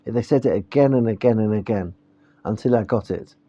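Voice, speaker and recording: A man's voice: on the low side, a little fast. Man teaching a class, muffled recording. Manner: conversational, checks in with listeners. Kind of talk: classroom lecture.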